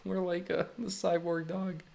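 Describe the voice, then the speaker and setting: Streaming illustrator, mid-pitched and a bit gravelly, deadpan jokes between drawing remarks. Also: unhurried. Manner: wry, self-amused, joking often with laughs. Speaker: illustrator live-streaming work. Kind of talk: casual live-stream chat while drawing.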